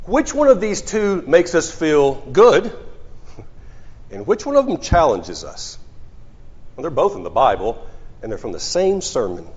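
A man's voice: a little high, sing-song, a little slow, pauses often, a little mellow, breathy edge. A man preaching a sermon in a conversational storytelling way, often restarting his sentences. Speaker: pastor. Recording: muffled sound in a reverberant hall.

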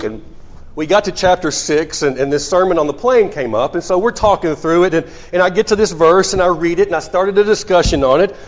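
A man preaching a sermon in a conversational storytelling way, often restarting his sentences. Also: fairly high pitch. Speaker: pastor. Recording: muffled sound in a reverberant hall.

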